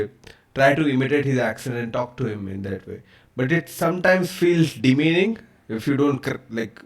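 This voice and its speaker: A young man with an Indian accent, hosting a reaction video in casual commentary, mixing Hindi and English. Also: medium pitch.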